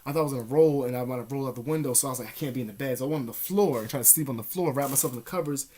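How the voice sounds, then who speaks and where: A young man vlogging a personal story in loose, profanity-heavy slang. His voice sits at an ordinary middle pitch, and he gets animated before sinking into hushed whispers. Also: racing, slightly rough. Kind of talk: casual storytelling.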